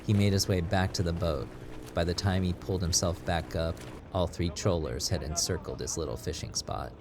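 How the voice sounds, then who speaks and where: A man reading a scripted story as narrator, in a steady, measured way. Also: low voice. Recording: audible background noise.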